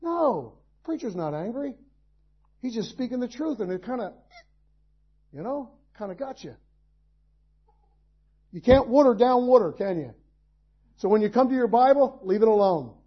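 A man's voice: very high voice, lively intonation, normal speed, long pauses, husky, highs cut off. A male pastor preaching a sermon, in a conversational style with folksy asides and rhetorical questions.

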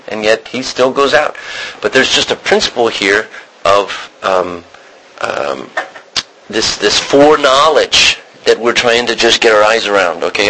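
A man teaching a Bible study class, animated and questioning his students. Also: mid-range voice, poor audio.

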